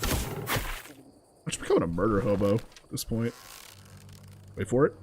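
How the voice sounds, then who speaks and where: A man's voice: lowish voice, expressive, a little slow, background noise. A young man streaming a game, chatting casually with his viewers, swearing freely and reacting to the action. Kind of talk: casual gameplay commentary.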